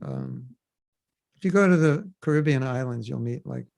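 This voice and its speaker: A man hosting a podcast, teaching scripture in a casual, animated way and acting out quoted voices. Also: medium pitch, moderate pace, creaky, no echo.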